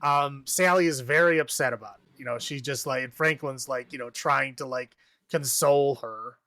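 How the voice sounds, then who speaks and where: A man's voice: medium pitch, moderate pace, sharp tone, no echo. A man casually recapping a horror movie on a podcast, rambling, laughing often and acting out the characters' lines. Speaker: podcast co-host.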